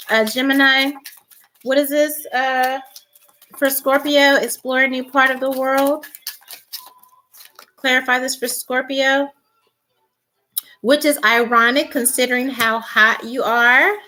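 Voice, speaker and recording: A woman's voice: high voice, sharp tone, slight background noise. A woman doing a casual tarot reading, rambling with many fillers and restarts, blunt and teasing. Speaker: tarot reader.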